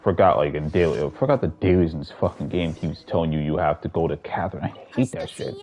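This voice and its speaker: A man's voice: rumbling low, fast talker, a little mellow. A man streamer giving casual, rambling, profane commentary while playing a game. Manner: rambling, profane, restarts often. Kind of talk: casual gaming livestream commentary.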